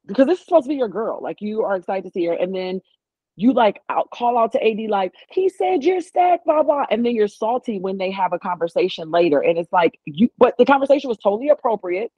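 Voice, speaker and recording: A woman chatting casually as co-host of a reality-show recap, opinionated and animated, slipping into voices when she quotes people. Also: mid-range voice, fast talker, no echo. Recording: dull lo-fi audio.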